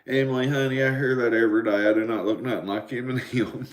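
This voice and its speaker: An Appalachian-accented man in his forties rambles through a casual livestream, cursing freely and talking straight to his chat. His voice sits at an ordinary middle pitch. The room around him is roomy and echoing. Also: fairly even intonation, quick pace. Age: 40s. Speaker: livestream host. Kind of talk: casual live-stream chat. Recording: roomy echo.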